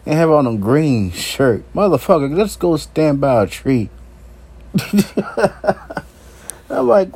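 A man's voice: fairly high pitch, big pitch swings, takes it slowly, pauses often, a little mellow, breathy edge. A male talk show host rambling through an unscripted solo monologue, crude and profane, chuckling between his remarks.

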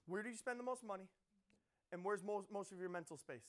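Impassioned high-voiced male preacher. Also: brisk. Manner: impassioned, rising to loud emphatic peaks, repeats phrases. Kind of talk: sermon.

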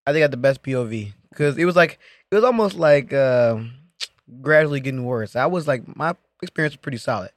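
A man's voice: mid-range voice, brisk, dry recording, studio quality. A man co-hosting a podcast, telling a story in casual chat and acting out the quotes. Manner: animated, acts out quotes in shifting voices. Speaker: podcast co-host.

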